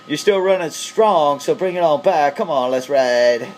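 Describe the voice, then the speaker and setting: A man's voice: a little high, lively intonation, unhurried, slight background noise. A man from the Pacific Northwest chatting on CB radio, upbeat and hyping up the other station. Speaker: CB radio operator. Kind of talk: casual radio chat.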